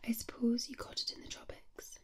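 A woman's voice: fairly quick, darkish tone, natural voice. A woman with a Scottish accent voicing a cool, amused lady passenger in a whispered role-play, light and teasing.

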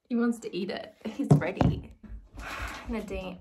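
A young woman vlogging as she unboxes a gift, gushing and excitable, swinging between squeals and soft murmurs. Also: mid-range voice, unhurried. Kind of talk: casual vlog, unboxing a gift. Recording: slightly distant mic with faint noise.

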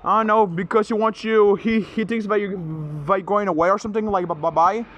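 High-voiced guy rambling over barking dogs. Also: steady tone, fairly quick, fairly bright tone, slight background noise. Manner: rambling, repeats himself, stumbles over words. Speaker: vlogger. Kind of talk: casual vlog chatter.

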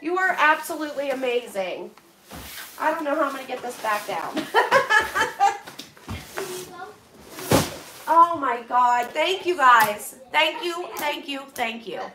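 With a sharp, high voice and lively intonation, this woman talks at a moderate pace against slight background noise. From Pennsylvania, US, she vlogs herself opening donated boxes, casually addressing viewers and thanking them with deep, effusive emotion. The distant mic picks up an echoey room.

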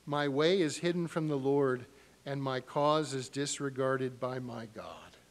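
In an unhurried sermon, a middle-aged pastor preaches with animation, voicing characters through sudden upward leaps in pitch.

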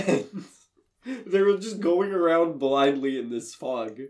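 Male podcast co-host, a bit higher pitch, loose rambling recap, quick to laugh, casual swearing. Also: lively intonation, darkish tone. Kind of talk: casual movie recap chat.

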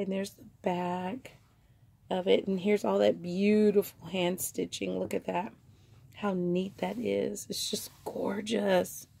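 Brief: female online seller, casual show-and-tell, husky, unhurried, rambling. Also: medium pitch, dark tone. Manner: rambling and chatty, many fillers.

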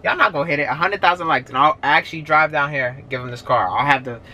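Young male vlogger, fairly high, bright voice, loose slangy delivery. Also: fast talker, dull audio. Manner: slangy, rambling, animated. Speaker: YouTuber. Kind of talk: casual vlog. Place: car at a drive-thru, then indoors at home.

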